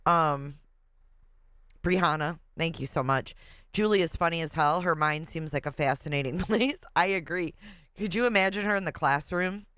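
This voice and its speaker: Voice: mid-range voice, moderate pace, pushed and bright, clear, resonant tone, dry recording. A livestream host chatting casually and reading viewer comments aloud, laughing often.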